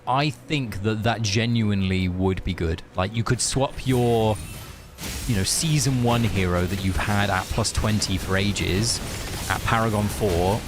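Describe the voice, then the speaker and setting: A young man streaming a game, chatting loosely with viewers and thinking aloud, with lots of fillers and restarts. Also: fairly low pitch. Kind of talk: casual live-stream chat.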